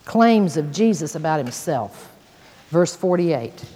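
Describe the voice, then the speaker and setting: A woman's voice: mid-range voice, very animated, normal speed, a little mellow. Woman preaching in a hall. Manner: reads scripture aloud with dramatic emphasis; folksy asides to the listeners. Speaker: Bible teacher. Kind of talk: sermon. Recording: long hall reverb.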